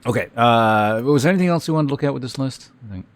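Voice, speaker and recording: With a mid-range voice, this man talks fast and animatedly while streaming. His casual chat with live viewers rambles, full of restarts and fillers.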